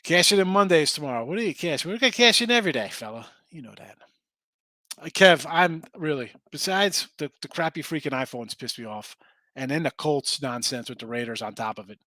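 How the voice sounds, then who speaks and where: Fired-up male betting host, bright voice pitched a bit high, chatting with viewers. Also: brisk, no room sound. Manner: excitable, swears, talks to chat viewers by name. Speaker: sports betting show host. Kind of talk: casual betting picks talk.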